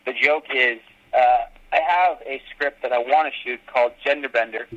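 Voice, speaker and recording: A man being interviewed about his fan films, telling animated stories and acting out quotes. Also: mid-range voice, normal speed, dull audio. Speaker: fan filmmaker guest. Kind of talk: casual podcast interview.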